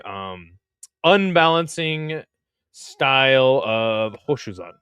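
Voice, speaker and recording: A man's voice: medium pitch, fairly bright tone, clean tone, dry recording, studio quality. A young man hosting a live stream, giving casual play-by-play in a laid-back, slangy way and chatting with viewers.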